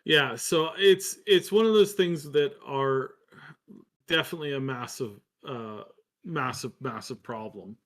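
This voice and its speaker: A man's voice: medium pitch, unhurried. A man co-hosting a live gaming news stream, giving wry, sarcastic commentary in casual chat.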